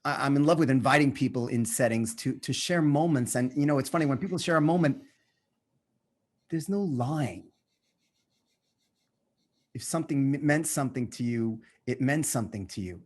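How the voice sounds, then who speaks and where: A male guest artist chats casually at a medium pitch. He stumbles and restarts often, then rushes through phrases in quick bursts. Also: darkish tone. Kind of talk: casual conversation.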